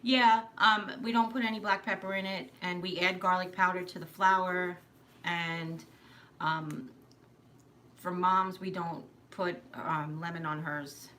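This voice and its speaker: A woman's voice: lowish voice, steady tone, measured pace, sharp tone. A middle-aged woman from New York hosting a casual live stream, chatty and rambling, laughing often. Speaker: live stream host, mother.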